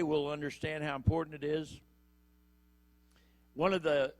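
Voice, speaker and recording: A man's voice: on the high side, a bit bright. A middle-aged man preaching a conversational sermon in church, acting out short quotes as he goes. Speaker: prison minister preaching.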